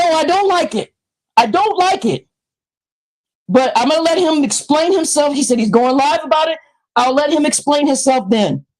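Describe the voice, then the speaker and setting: High-voiced woman ranting angrily on a stream. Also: low-quality recording. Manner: heated, profane, often shouting. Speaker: live streamer. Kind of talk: angry live-stream rant. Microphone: new desktop microphone.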